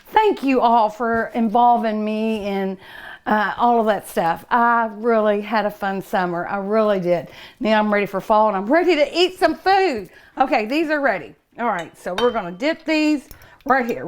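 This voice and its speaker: A middle-aged woman with a slightly high voice hosts a cooking show in a restaurant kitchen. She chats warmly and eagerly to her viewers, sometimes getting emotional as she cooks and tastes. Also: a little hiss or hum. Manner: chatty, emotional, eager and hungry, talks to viewers. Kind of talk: casual cooking show chat.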